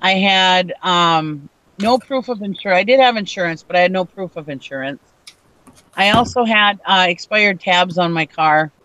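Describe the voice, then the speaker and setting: A woman's voice: fairly low pitch, moderate pace, fairly bright tone, no room sound, low-quality recording. A woman from Minnesota telling a story in casual chat, laughing often and acting out what people said. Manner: chatty, laughs often, acts out quotes.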